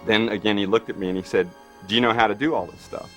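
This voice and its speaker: A man's voice: on the low side, steady tone, quick pace, a bit bright, soft background music. A man in an interview, telling a long anecdote with many fillers and acting out quotes. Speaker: special effects artist.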